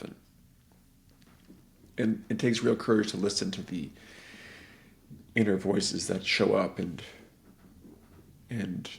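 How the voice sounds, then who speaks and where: A man hosting a podcast, casually and excitedly retelling a film with lots of "like" fillers. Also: fairly low pitch, vocal fry. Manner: rambling, animated movie retelling full of "like". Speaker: podcast host.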